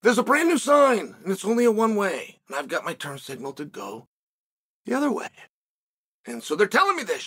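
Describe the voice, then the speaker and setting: At a moderate pace, a middle-aged show host tells a story in a casual studio monologue, his bright, slightly husky voice swinging lively up and down in pitch. He's animated, leaping into the quotes and shouting them out as he acts them.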